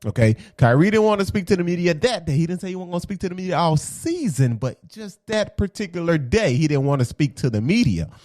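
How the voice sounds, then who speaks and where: Animated man ranting about basketball. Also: on the high side, dry recording, studio quality. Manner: animated, repeats points, keeps asking "okay?"; slangy and conversational. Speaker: sports commentary vlogger. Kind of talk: casual basketball opinion rant.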